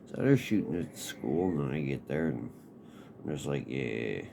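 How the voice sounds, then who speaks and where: A man's voice: very deep voice, expressive, normal speed, vocal fry. A man casually telling a personal story in a laid-back, profane, rambling way. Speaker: podcast host. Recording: noisy background hiss.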